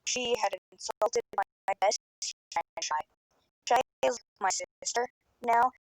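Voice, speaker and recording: A teenage girl tells a casual storytime monologue on her phone, rambling emotionally, swearing a lot and sometimes choking up in tears. Her voice is fairly high and she speaks slowly. The recording is rough, with no room sound.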